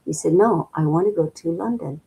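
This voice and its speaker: An older woman from the midwestern US, a guest in an interview, reminiscing slowly and reflectively with many pauses and fillers. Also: fairly low pitch, gravelly, warm tone, husky, rough recording.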